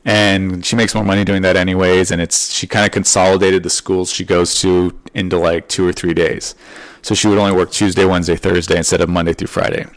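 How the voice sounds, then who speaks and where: Guy in his 30s just yapping about his week, kinda deep voice, scatterbrained, does little voices for people. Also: fairly quick, dry recording. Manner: rambling, animated, quotes people in voices. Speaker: podcast host. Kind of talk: casual storytelling monologue.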